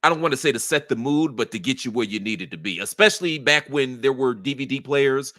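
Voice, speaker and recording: Bright, earnest man hosting a podcast. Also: mid-range voice, animated, fairly quick, no echo, studio quality. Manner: earnest, laid-back storytelling. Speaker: host. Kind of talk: casual podcast chat.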